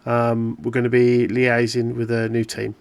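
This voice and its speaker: A cool female field agent gives a flat, matter-of-fact report, as a man voices her. The delivery is halting and level, at an ordinary middle pitch. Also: clean tone, no room sound, natural voice. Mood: flat debrief. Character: composed female field agent, cold debriefing.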